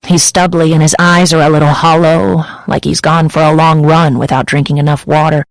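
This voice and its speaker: Woman narrator for a first-person romance audiobook, intimate and emotive, gravelly texture, dry close studio sound. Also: deep voice, little pitch movement, brisk, no echo, low-quality recording.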